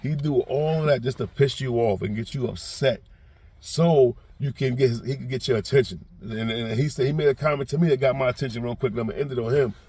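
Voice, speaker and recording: A man's voice: medium pitch, a little fast, slightly rough. A man with a New York accent giving a casual commentary monologue as a reaction vlogger, rambling with repeated restarts and growing heated when he acts out quotes. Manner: gets loud and heated when acting out quotes.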